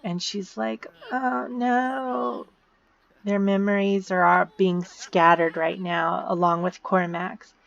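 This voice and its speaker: A woman's voice: on the low side, little pitch movement, a little slow, creaky, hardly any pauses, a bit bright. A woman casually narrating a game story, explaining events with fillers and repeated words, on a dull lo-fi recording. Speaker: video narrator.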